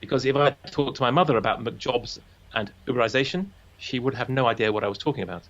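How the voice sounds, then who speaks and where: A man's voice: medium pitch, fast, a bit bright. Chatty man, dull lo-fi sound. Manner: chatty, playful, acts out quoted voices. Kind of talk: casual conversation about language.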